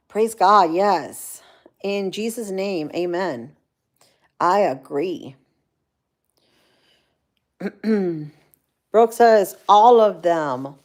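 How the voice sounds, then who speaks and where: Mellow and medium-pitched, this livestream vlogger is cold and chilled as she chats casually. She reads out what viewers have commented and answers each one.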